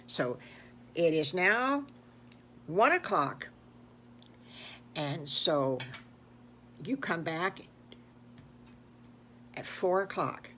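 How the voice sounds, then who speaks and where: A woman's voice: low-pitched, big pitch swings, drawn-out words, pauses often, fairly bright tone, a little hiss or hum. An older woman telling an improvised children's story in a folksy, exclamatory way. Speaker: grandmother storyteller.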